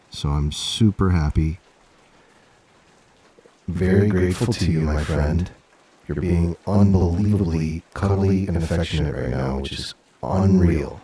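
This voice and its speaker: Laid-back low-voiced man streaming. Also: breathy edge, distant mic. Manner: rambling, laid-back, talks softly to his cat. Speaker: writer livestreaming his writing. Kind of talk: casual livestream chat.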